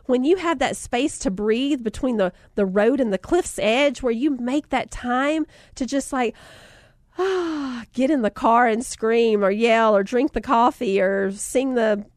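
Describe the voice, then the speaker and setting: A woman giving a faith-based motivational talk, telling a family story in a lively, conversational way and calling her listeners guys. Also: on the high side, a little slow, dry recording, clean studio sound. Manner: animated storyteller, acts out voices in anecdotes. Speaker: motivational speaker.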